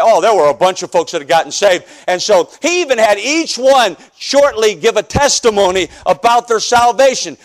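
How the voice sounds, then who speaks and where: A man with a notably high voice preaches a personal testimony sermon from the pulpit. He is from the northern United States and tells his story in an animated, humorous way, acting out the scenes for his congregation. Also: normal speed, few pauses. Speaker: pastor.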